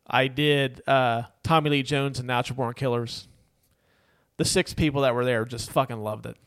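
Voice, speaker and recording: A man's voice: medium pitch, fairly even intonation, normal speed, fairly bright tone, clean tone. A man co-hosting a casual movie podcast, rambling with many fillers and laughs. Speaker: podcast co-host. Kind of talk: casual movie review chat.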